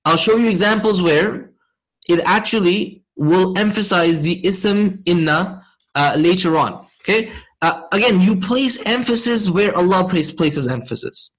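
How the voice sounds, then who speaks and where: A man teaching a class on Arabic grammar, explaining step by step, often checking in with his students, and reciting verses quickly. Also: sits high, poor audio.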